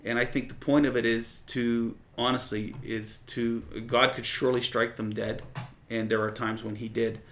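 A man delivers a sermon in a relaxed, talky way, stopping often with "uh" as he reads scripture and unpacks it. His voice sits at an ordinary pitch and carries a gravelly, creaky edge. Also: normal speed. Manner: conversational teaching with many fillers, quoting scripture aloud. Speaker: preacher.

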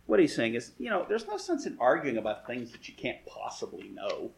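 A man's voice: medium pitch, big pitch swings, quick pace, creaky, fairly bright tone, breathy edge. A man teaching through Bible verses in a rambling, conversational way, full of "you know" asides and dry wry humor.

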